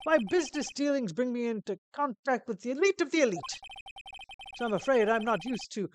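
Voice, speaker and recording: A woman's voice: a little high, lively intonation, fairly quick, a little hiss or hum, pitched above the performer's own voice, natural voice. A woman voicing a pompous, arrogant male company boss in a put-on British accent, grandiose and showy with affected words, with game music behind. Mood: haughty.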